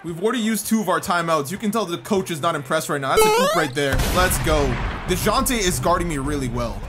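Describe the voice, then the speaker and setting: A man giving excited gameplay commentary as a gaming YouTuber, shouting and groaning at the game as it goes. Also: fairly high pitch, fast. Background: game music and sounds.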